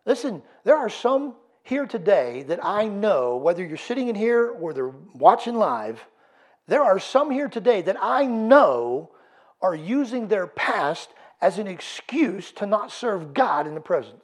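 A man's voice: sits high, big pitch swings, unhurried, husky. Fervent male pastor preaching. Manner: preaching with rising intensity and rhetorical questions. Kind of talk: sermon. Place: church.

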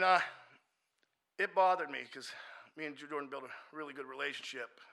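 Bright-voiced man giving earnest testimony. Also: medium pitch, gravelly. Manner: earnest, casual and plainspoken. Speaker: addiction ministry worker. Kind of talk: personal testimony storytelling.

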